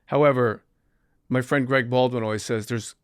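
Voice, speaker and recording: A man hosting a podcast, telling animated, wry stories about his life in comic storytelling style. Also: mid-range voice, moderate pace, clean tone, no echo, clean studio sound. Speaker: comedian podcast host.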